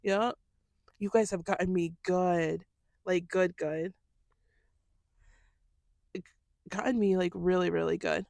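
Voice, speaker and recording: This podcast co-host speaks in a lowish, creaky voice, slowly and with frequent pauses, and there's no room sound in the studio recording. Still, she's an animated storyteller in casual chat who swears freely.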